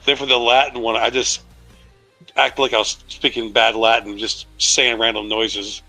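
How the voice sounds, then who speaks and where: Male co-host, bright voice, rambling and profane. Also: medium pitch, level tone, normal speed, no room sound, faint music behind, low-quality recording. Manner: rambling, laughing, swears freely. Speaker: video creator and co-host. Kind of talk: casual livestream chat.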